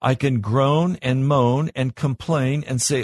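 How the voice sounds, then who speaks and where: A man preaching as a pastor, earnest, his voice climbing higher and louder when he presses a point. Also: steady tone, slow, hardly any pauses, dry recording. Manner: earnest, rises in pitch and volume when stressing a point. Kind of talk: sermon.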